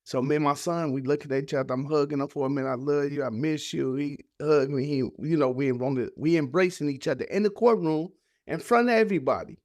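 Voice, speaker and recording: A man's voice: fairly high pitch, a little fast, a little mellow, dry recording, clean studio sound. A man, a podcast guest, telling an emotional personal story in casual, heartfelt speech. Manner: casual, heartfelt, acts out voices of family in his story.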